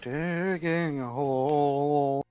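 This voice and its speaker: A man's voice: a little high, steady tone, extremely slow, a little mellow, smooth, soft background music. Rambling man running a tabletop game. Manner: loose, rambling narration full of "like". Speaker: game master.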